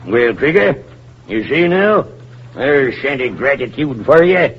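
An actor playing a scheming, gruff riverboat captain who barks orders and scoffs, in 1940s radio acting. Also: male voice, medium pitch, very animated, unhurried, exaggerated voice. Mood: scornful. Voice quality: gravelly. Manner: barking orders, blustering and scornful. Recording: muffled old radio recording, faint hiss.

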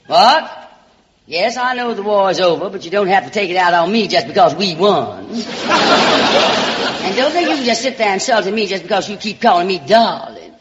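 A woman with a mid-range voice and a Southern American drawl performs a theatrical comic monologue as a radio comedy host, coyly addressing everyone as darling. There's slight background noise, and the old broadcast sounds dull, echoing through a reverberant hall.

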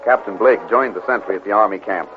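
A man's voice: lowish voice, fast, phone-quality sound. A man giving vivid, dramatic scripted narration in a vintage radio drama. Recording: old radio broadcast with music. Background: music.

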